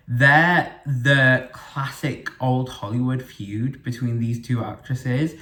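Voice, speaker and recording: Young man, podcast host, chatty and rambling, mid-pitched, echoey living room. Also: steady tone, slow, few pauses, bright, forceful tone. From United Kingdom. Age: young adult. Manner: chatty and rambling, with frequent fillers and self-corrections. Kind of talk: casual solo podcast monologue.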